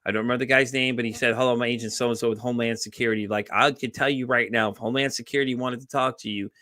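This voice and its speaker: A man hosting a podcast, telling a story in casual chat with lively energy and frequent swearing. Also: medium pitch, rapid-fire, dry recording, clean studio sound. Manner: animated storyteller, swears freely. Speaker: podcast host.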